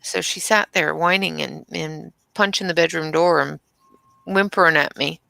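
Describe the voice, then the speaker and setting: Gravelly-voiced, bright woman. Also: deep voice, fairly even intonation, moderate pace, no echo. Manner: storytelling, laughs easily. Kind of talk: casual chat.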